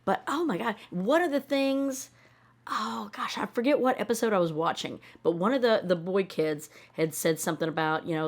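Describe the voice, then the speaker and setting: A woman's voice: mid-range voice, normal speed. A woman commenting on a reality show in a blunt, sarcastic, swearing rant. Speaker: reaction video host.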